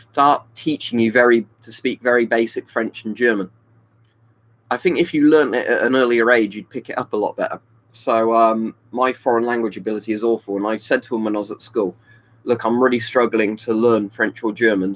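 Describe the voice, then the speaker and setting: A man's voice: lowish voice, rough recording. A young man from the UK, chatting casually on a live webcam stream and answering viewers by name. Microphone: webcam mic.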